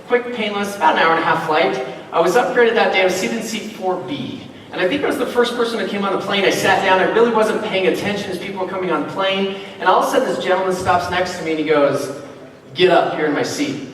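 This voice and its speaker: High-voiced man telling stories in echoey hall. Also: fast, recorded from a distance, slight background noise. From Utah, USA. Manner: animated storyteller, acts out dialogue, conversational asides. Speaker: keynote speaker. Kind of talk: motivational keynote storytelling. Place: large convention hall, live audience.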